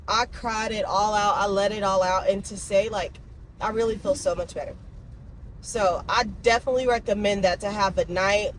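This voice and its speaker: Young woman vlogger, chatty and heartfelt, mid pitch, faint background noise. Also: fairly even intonation, normal speed. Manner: chatty, emotional, talks to her dogs in baby talk. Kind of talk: casual vlog chat.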